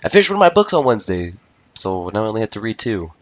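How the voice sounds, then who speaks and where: A teenage guy hosting his own solo podcast, talking straight into a microphone with a fairly low voice. He rants in an exasperated, casual way, swears freely and keeps calling everything ridiculous. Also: sing-song, fast talker, dry recording. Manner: repeats "I tell you what" and "ridiculous". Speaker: podcast host.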